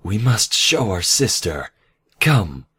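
A man's voice: low voice, very animated, slow, a bit bright, breathy edge, full character voice. A man voicing a regal female alicorn princess who speaks in the royal "we", in a raised voice with an altered timbre. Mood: eager.

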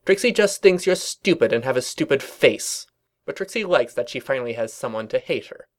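A man's voice: mid-range voice, expressive, fairly quick, close to an everyday voice. A man voicing an arrogant, boastful female unicorn pony who snaps insults and talks about herself in the third person. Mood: sneering.

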